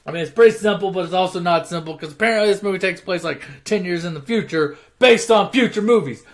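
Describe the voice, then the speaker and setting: Guy with a pretty high voice ranting thru a movie plot, swears nonstop, yells out the characters' lines. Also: quick pace. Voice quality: swears constantly, mocks and rants. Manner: acts out characters with shouted, higher voices. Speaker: movie recap storyteller. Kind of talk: casual profane movie retelling.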